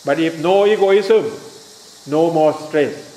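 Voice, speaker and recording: A man with a Thai accent, not a native English speaker, giving a Buddhist teaching in simple halting English. He keeps asking his listeners whether they understand and spells words out letter by letter. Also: on the high side, dark tone. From Thailand. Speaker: Dhamma teacher. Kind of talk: Buddhist teaching talk to a group. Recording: echoey room with faint hiss.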